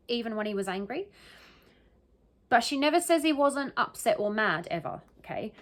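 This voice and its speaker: A woman giving casual solo commentary that analyzes the wording of an interview, thinking aloud and often checking in with "right?" and "okay?". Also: medium pitch. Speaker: true crime commentator.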